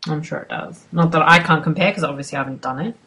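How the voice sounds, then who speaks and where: An interviewer, speaking hesitantly with many pauses and restarts. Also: mid-range voice, pushed and bright. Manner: hesitant, lots of ums and restarts. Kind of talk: conversational interview.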